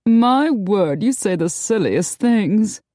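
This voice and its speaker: A woman's voice: fairly low pitch, sing-song, unhurried, warm tone, breathy edge, no room sound, clean studio sound, exaggerated voice. A woman voicing a snooty, aristocratic female vampire in an audiobook, with a prim, affected, haughty way of talking. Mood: coy, affected. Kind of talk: audiobook character voice.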